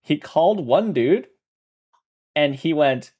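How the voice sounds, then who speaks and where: A man's voice: mid-range voice, sing-song, measured pace, a little mellow. A man chatting casually on a livestream, rambling through a story, correcting himself often and laughing. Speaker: streamer.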